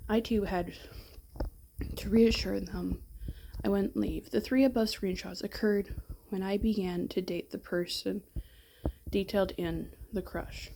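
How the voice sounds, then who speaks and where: A young woman reading her own document aloud, soft and halting with hesitations, her voice wearing out. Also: medium pitch, steady tone, vocal fry, noisy background. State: losing her voice.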